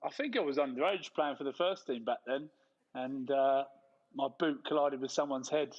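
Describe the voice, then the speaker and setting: A man's voice: medium pitch, moderate pace, lo-fi sound, background noise. A man from England, a guest at a live fan night, telling laddish stories with a laugh and the odd swear. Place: clubhouse before a live audience.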